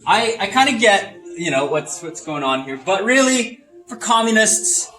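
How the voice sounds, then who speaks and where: A man playing a grandiose communist in a comedic lesson skit, lecturing in a drawn-out, emphatic way. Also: sits high, very animated, bright, forceful tone, full character voice. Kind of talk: comedic educational role-play. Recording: roomy echo, off-mic, faint music.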